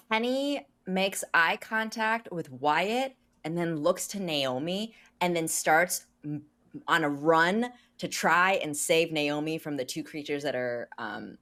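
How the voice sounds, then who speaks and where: A woman player in a tabletop game, describing her character's actions in a measured, hesitant way. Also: low-pitched, expressive, a bit bright.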